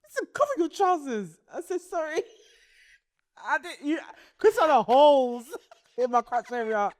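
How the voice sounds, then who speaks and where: A woman, telling a story on a podcast in animated, laughing casual chat. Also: high voice, normal speed, no echo, clean studio sound. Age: 30s. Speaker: podcast co-host.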